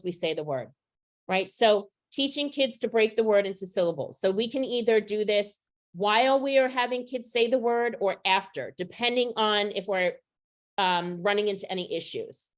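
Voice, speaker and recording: Woman leading a teacher workshop. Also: medium pitch. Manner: practical, addresses audience with questions. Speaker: literacy trainer for teachers. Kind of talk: professional development workshop.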